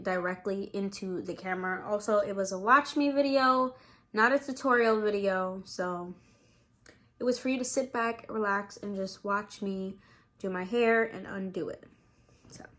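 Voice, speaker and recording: A young woman in college, chatting casually to camera as a vlogger while eating, relaxed and rambling with many fillers. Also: mid-range voice. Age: young adult. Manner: relaxed, rambling, lots of "like" and "you know".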